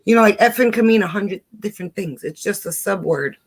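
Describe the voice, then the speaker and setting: This is an older woman with a strong New York accent, chatting as a guest in a loose, casual way. She talks fast and plays around with her words, laughing often as she goes. Her pitch sits right in the middle for a woman. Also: slightly rough. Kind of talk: casual chat.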